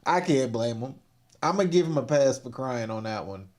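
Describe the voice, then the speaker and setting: A man's voice: mid-range voice, animated, moderate pace, a little mellow. A man hosting a livestream, giving casual, exclamatory reaction commentary and laughing often. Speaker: livestream host.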